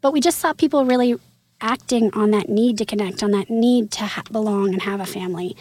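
A woman from Missouri in her thirties, a voice actress chatting in an interview, animated and quick with asides and laughter. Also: medium pitch, slight background noise. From Missouri, USA. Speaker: voice actress guest. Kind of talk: casual interview chat.

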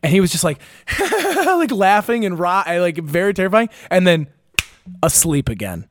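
A man's voice: high-pitched, big pitch swings, normal speed, slight background noise. A young man telling a wild story in a casual chat, rambling and profane, with lots of fillers and restarts.

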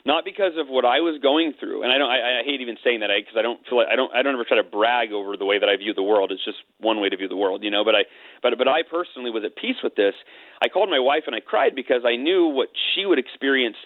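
Fast-talking man on a tinny phone line. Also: mid-range voice, dry recording. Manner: candid, emotional, quick to joke. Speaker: guest. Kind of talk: personal storytelling in an interview.

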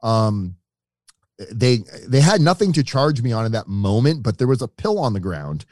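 A middle-aged man, animated as he tells a story in an interview as a podcast guest, acts out the voices of the people he quotes. His mid-range voice moves at normal speed. The sound is dry and close, with no room sound.

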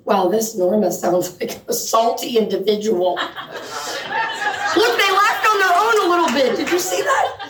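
A woman co-hosts a comedic news bit with self-absorbed, teasing banter, egging the crowd to laugh. Her fairly high voice comes from some distance in an echoey room with faint clicks behind. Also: lively intonation, measured pace, noisy background. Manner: self-absorbed, joking, urges audience to laugh. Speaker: comedy co-host.

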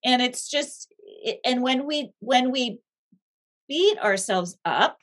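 A woman guest author in a faith-based conversation, explaining ideas thoughtfully with emphatic rises in pitch. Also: lively intonation, slow pace.

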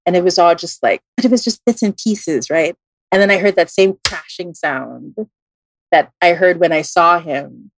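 A woman who reads tarot, telling a story in a casual, animated way, full of "like" fillers. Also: lowish voice, normal speed, slight background noise.

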